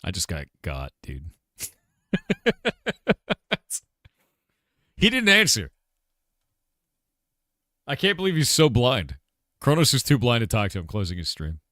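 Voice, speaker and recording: A man's voice: fairly low pitch, wildly swooping pitch, normal speed, pauses often, a bit bright, no room sound, clean studio sound. A middle-aged American man streaming live, riffing and joking with his chat in loose banter. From United States. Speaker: game developer streamer.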